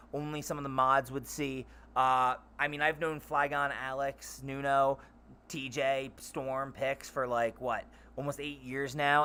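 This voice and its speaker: A young man hosting his channel, rambling loudly and animatedly in a casual monologue. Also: medium pitch, smooth. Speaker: channel host.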